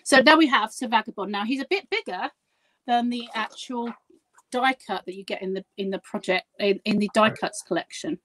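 This guest crafter has a fairly high, slightly bright voice and talks at an ordinary pace while showing a project live. Giggly and talkative, she teases herself throughout. There's no echo, but the audio is poor.

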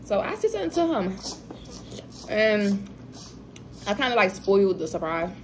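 A woman's voice: mid-range voice, very animated, normal speed, a little hiss or hum, low-quality recording. A young woman chatting casually to her viewers while eating, telling a story with laughs. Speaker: vlogger, mother.

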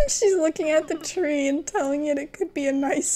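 High-voiced, giggly young gaming host. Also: female voice, moderate pace. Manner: chatty, giggly, excitable. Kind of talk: casual gameplay commentary.

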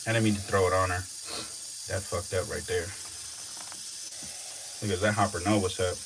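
A man casually commenting while filming, excitable and slangy, swearing often and talking both to his animals and to viewers. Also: deep voice, normal speed, vocal fry, noisy background. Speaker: reptile keeper vlogger.

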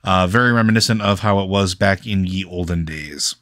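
A man with a lowish voice talks casually through gaming news on a podcast, drifting and restarting his sentences with plenty of fillers. The sound is dry and close, with no room around it. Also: brisk, fairly bright tone, no echo. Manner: rambling, many fillers and restarts. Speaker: podcast co-host.

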